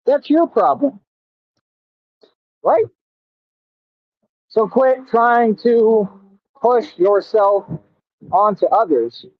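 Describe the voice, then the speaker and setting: A man hosting a combative stream, boasting and confronting commenters, stretching words slowly for emphasis. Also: high-pitched, no echo. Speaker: radio show host. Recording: tinny phone-like sound, dry.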